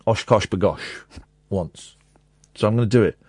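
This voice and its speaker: A man's voice: on the low side, normal speed, a little mellow, husky, no room sound. A man hosting a late-night radio phone-in, talking casually and jokily, with mock-sincere readings. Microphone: studio microphone.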